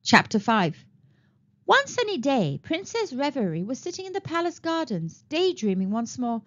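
Woman reading a children's book, high and lively voice, expressive storyteller. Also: normal speed, highs cut off. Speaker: storytime reader. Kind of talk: children's read-aloud narration.

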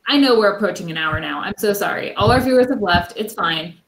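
A woman's voice: medium pitch, animated, fairly quick, reverberant, slight background noise, low-quality recording. A woman librarian co-hosting a casual book chat, talking in a rambling, friendly way and laughing often. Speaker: librarian co-host. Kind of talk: casual chat about books.

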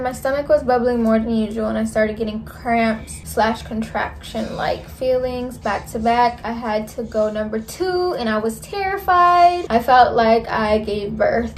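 A woman's voice: on the high side, a little hiss or hum. A young woman in her twenties, a vlogger giving a candid, chatty recovery update full of "like" fillers. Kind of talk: casual recovery update vlog.

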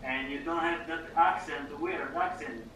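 A man's voice: a little high, fairly even intonation, sharp tone. French man on a distant echoey webcam. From France. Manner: unbothered, halting English. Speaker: video chat stranger. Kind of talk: casual video chat.

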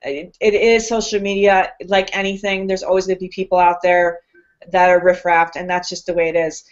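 A woman's voice: on the low side, level tone, fairly quick, lo-fi sound. A woman hosting a talk show, speaking in a casual, emphatic way with long, loose, philosophical runs. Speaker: host.

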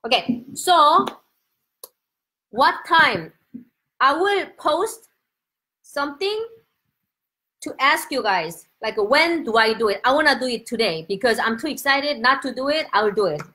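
Excitable middle-aged Korean-accented woman. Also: high-pitched, a little slow, pauses often, poor audio. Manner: excitable, chatty, greets viewers by name. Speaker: live-stream host, Korean teacher. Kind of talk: casual live-stream chat. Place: home.

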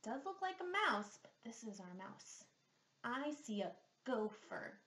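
Very animated and a bit bright, a fairly high-pitched woman reads a picture book to young children a little slowly as a speech therapist. Her questions come patiently and sing-song, in an echoey room.

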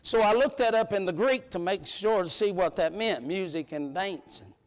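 A man preaching a sermon in a church, emphatic and colloquial, rising to shouts. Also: high voice, normal speed. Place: church sanctuary.

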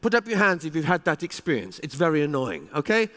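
Man, keynote speaker, emphatic and animated, high-pitched, echoing conference hall. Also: quick pace. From England. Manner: animated, emphatic, with rising exclamations. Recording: reverberant hall.

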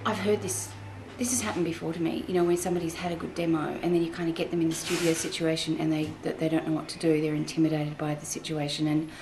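A middle-aged woman speaks frankly and chattily as she gives her opinion, her voice on the lower side for a woman. Clear background noise runs under her words. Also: level tone, fast, hardly any pauses. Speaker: voiceover artist. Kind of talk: mockumentary interview.

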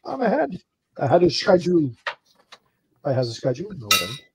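A man's voice: a little high, wildly swooping pitch, fairly quick, noisy background. A man co-hosting a casual live stream, teasing his friend with dry jokes and laughing often.

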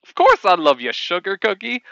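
A man's voice: high-pitched, wildly swooping pitch, normal speed, gravelly, pushed and bright, dry recording, dull audio, exaggerated voice. A man playing a sappy runaway sweetheart. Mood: tender. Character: devoted young male sweetheart on the run. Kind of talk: let's play voice acting.

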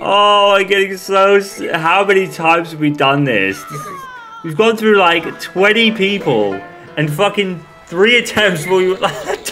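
A man's voice: sits high, lively intonation, a little slow, sharp tone, soft background music. A young man giving live commentary over a co-op zombie game, exasperated and swearing often. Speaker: gaming channel host.

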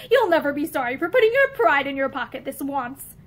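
A woman's voice: high voice, big pitch swings, brisk, fairly bright tone. A curt, domineering husband, as a woman reads him. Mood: stern. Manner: clipped and commanding.

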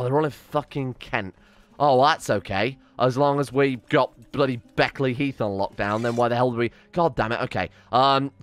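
A man giving rambling, casual commentary on his strategy game, often cutting himself off and swearing. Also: mid-range voice. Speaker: let's-play streamer.

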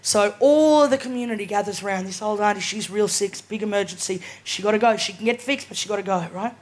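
A woman's voice: mid-range voice, fast talker. A woman in her twenties with an Australian accent, performing chatty stand-up comedy at a live venue and laughing often as she tells her stories. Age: 20s. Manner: chatty, laughing storyteller, keeps asking "right?".

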